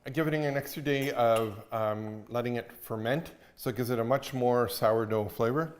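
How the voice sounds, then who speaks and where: A man's voice: mid-range voice, normal speed. A man hosting a cooking show from a cottage kitchen, chatting and explaining as he cooks. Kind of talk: casual cooking demo.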